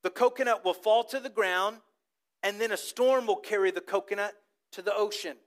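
Pastor, male, high-pitched, lively sermon storyteller who gets the crowd to echo him. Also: moderate pace. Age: adult with a child old enough to talk. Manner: animated storytelling, asks the congregation to repeat words.

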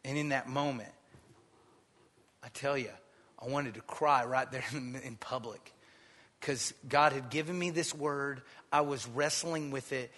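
A man pastor preaching a sermon, calling on the congregation to answer and swinging from loud exhortation to quiet storytelling. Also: medium pitch, steady tone, a little slow, big-room sound.

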